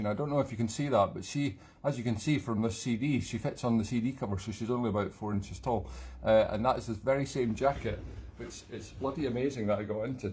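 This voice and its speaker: A man's voice: mid-range voice, a little hiss or hum. A middle-aged man hosting a home live stream, rambling and self-mocking as he reads viewer comments aloud. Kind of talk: casual live-stream chat. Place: home room.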